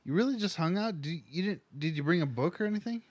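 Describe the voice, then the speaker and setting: A man co-hosting a podcast, chatting casually with quick reactions and jokes. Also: high-pitched, animated, dry recording. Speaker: podcast co-host. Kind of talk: casual chat.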